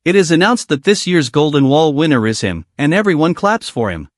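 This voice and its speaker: A man narrating a story recap in a brisk plot-summary reading. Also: on the high side, big pitch swings, dry recording, clean studio sound. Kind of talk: scripted narration.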